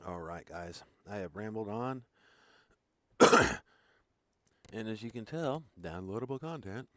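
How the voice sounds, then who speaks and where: A man's voice: fairly low pitch, animated, slow, fairly bright tone. A man live-streaming a farming game, chatting casually in a rambling, crude joking way.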